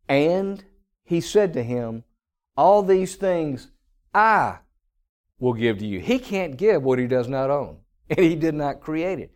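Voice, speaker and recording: A man preaching a sermon, emphatic, with dramatic pauses and big swings in pitch. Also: a little mellow. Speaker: pastor.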